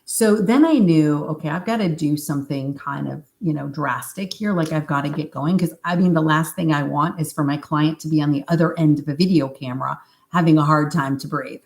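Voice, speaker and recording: A woman practitioner telling a story on a live stream and answering viewer comments in a chatty, informal way, with fillers and asides. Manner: animated retelling, acts out quoted speech in a higher voice. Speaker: hypnosis practitioner.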